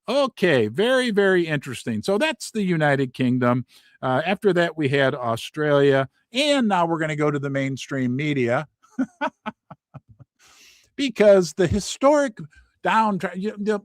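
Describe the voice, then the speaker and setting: Animated American man hosting from his basement. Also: high voice, dry recording. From United States. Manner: animated, jokey, rambling with restarts and asides. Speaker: host. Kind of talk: casual market commentary.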